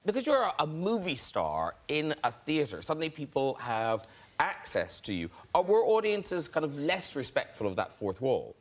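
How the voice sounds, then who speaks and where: Chatty Irish talk-show host. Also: male voice, fairly high pitch, wildly swooping pitch, normal speed. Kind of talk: interviewing guests. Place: TV studio with audience.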